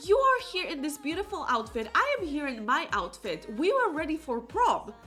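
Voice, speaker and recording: A woman's voice: very animated, sharp tone, soft background music, heavily acted. A woman voicing a flustered, dramatic teenage boy in a life-sim game who keeps apologizing. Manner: frantic, high-strung, quick, rambling.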